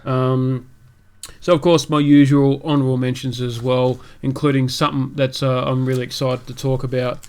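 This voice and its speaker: A man's voice: mid-range voice, level tone, normal speed, a little mellow, clear, resonant tone. Male podcast host, casual and chatty, prone to restarts, mid-range voice. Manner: chatty, rambling with restarts and fillers. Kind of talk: casual gaming podcast chat.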